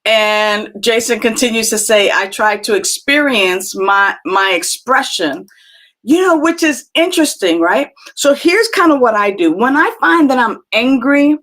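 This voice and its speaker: A woman hosting a live spiritual talk show, speaking gently and reflectively with many fillers and restarts as she answers chat comments. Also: on the high side, lively intonation, a little slow.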